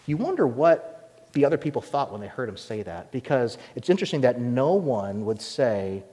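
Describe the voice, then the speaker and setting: A man's voice: medium pitch, moderate pace. Man preaching in a reverberant hall. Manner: animated, acts out quoted voices. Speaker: pastor. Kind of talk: sermon.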